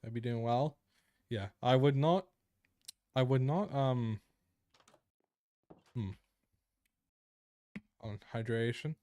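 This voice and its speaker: A man's voice: medium pitch, slow pace, long pauses, mellow, no room sound. A young man chatting casually with viewers on a live stream, crude and joking. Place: indoor room.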